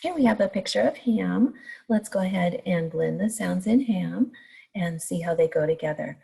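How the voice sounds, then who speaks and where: A woman teaching young children a phonics lesson, stretching out letter sounds in a slow sing-song way. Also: on the low side, animated, creaky, mellow, slightly rough. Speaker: kindergarten teacher. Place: home recording for distance learning.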